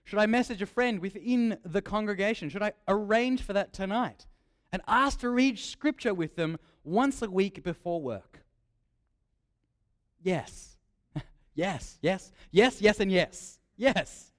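A young man preaching a sermon, lively and joking, repeating his key phrases. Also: sits high, slow.

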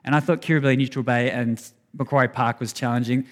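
A man's voice: medium pitch, fairly even intonation, fast. A man preaching a sermon, earnest and conversational, speaking straight to his congregation. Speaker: pastor.

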